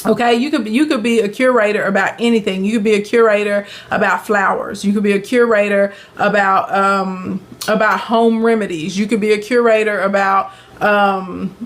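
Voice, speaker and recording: A woman's voice: mid-range voice, fairly even intonation, normal speed. A woman with a Southern US accent hosting a casual live business Q&A, chatty and upbeat, greeting viewers by name and calling them honey. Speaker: live-stream business coach.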